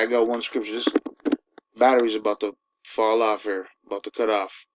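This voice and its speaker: A man preaches in a loose, conversational way at a middling pitch, pressing each point with a quick "all right?". When he reads scripture he slows right down. A faint hiss sits under his voice. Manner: emphatic, keeps asking "all right?"; slows down to read scripture aloud. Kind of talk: informal sermon with scripture reading.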